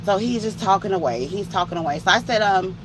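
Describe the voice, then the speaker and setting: A woman telling a story in an animated, profane way, acting out what each person said. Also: medium pitch, fast talker, noisy background. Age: older than 30. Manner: animated, profane, acts out quoted voices. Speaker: truck driver telling a story. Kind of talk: uncensored storytime.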